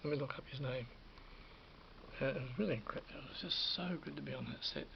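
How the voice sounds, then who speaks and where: A man's voice: medium pitch, fast talker, creaky, slight background noise. A man of about fifty, telling a rambling personal story with restarts and sudden drops into a whisper. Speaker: vlogger recalling film work. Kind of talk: casual anecdotal monologue. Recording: dull lo-fi recording.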